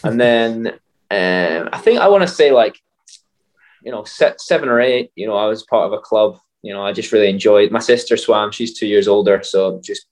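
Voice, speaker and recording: A man's voice: fairly low pitch, normal speed. Laid-back young Scottish man. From Scotland. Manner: laid-back, laughs at himself. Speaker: guest athlete. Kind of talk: casual interview answers.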